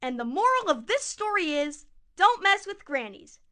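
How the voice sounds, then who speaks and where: A woman narrating a puppet show fairy tale in a playful, expressive way. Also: very high voice, normal speed.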